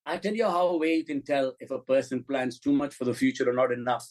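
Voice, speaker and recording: A man, a film and commercial director, telling anecdotes in an interview, animated and blunt, acting out dialogue and swearing now and then. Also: mid-range voice, quick pace, low-quality recording. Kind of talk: interview storytelling.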